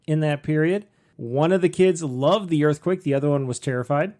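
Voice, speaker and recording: A man's voice: a little high, fairly quick, a little mellow. A middle-aged man hosting a casual podcast, rambling and joking with lots of fillers. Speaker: podcast host.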